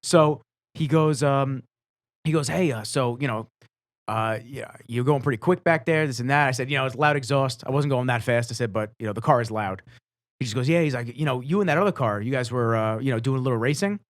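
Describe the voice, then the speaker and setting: A man hosting a podcast, telling stories casually in a fast, animated way and swearing freely. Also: medium pitch, no echo, clean studio sound. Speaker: podcast host. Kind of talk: casual storytelling.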